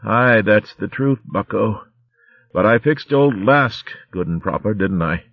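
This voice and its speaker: A man's voice: on the low side, measured pace, no echo, muffled recording, voice pushed up. Man doing a dying ferret pirate woman. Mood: weak. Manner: rough sailor slang, drops letters. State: weak and wounded. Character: dying female ferret corsair, rough seafaring.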